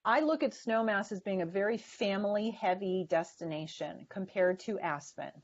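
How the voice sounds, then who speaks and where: Woman, sales trainer, emphatic, mid pitch, dull lo-fi webinar sound. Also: moderate pace. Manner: emphatic, coaching tone. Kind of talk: webinar coaching. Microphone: video call.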